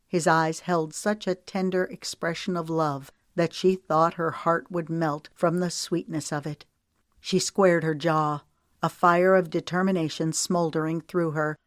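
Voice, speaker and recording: Woman reading an audiobook, low voice, slow and calm, dry recording. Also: no echo. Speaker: audiobook narrator. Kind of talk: scripted narration.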